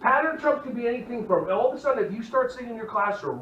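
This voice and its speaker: Animated high-voiced man, echoey room. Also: distant mic, lo-fi sound. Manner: animated, playful, quick asides. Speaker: teacher trainer. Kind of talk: lively workshop talk to educators.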